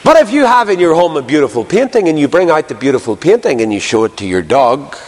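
A man's voice: on the high side, sing-song, fast, darkish tone. A man with a Northern Irish accent preaching a sermon to a live audience, telling anecdotes and asking rhetorical questions. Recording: long hall reverb.

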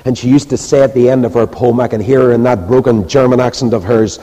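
A man preaching a sermon with emphatic, rhetorical delivery, then dropping soft and low as he leads a prayer. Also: fairly even intonation, fast talker, hardly any pauses. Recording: reverberant hall.

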